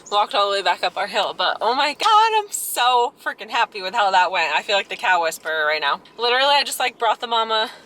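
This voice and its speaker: A young American woman vlogging casually on her farm, chatty and excitable, a little out of breath. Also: mid-range voice, brisk, hardly any pauses. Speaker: farmer vlogger. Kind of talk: casual vlog narration. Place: outdoors on a farm.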